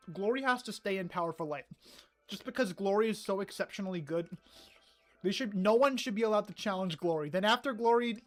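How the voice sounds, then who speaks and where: A chatty streamer rants about a favorite topic in a casual livestream. The delivery is excitable, full of stammered restarts and quick asides, in a mid-pitched voice. Quiet music plays faintly behind. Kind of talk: casual livestream chat reading comments.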